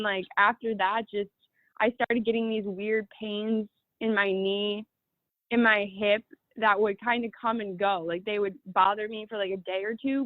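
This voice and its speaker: A woman's voice: mid-range voice, no echo. A young woman in her twenties, a guest telling her story in a casual, chatty way and filling her speech with "like". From Los Angeles, California. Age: 20s. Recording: tinny, dry phone-like line.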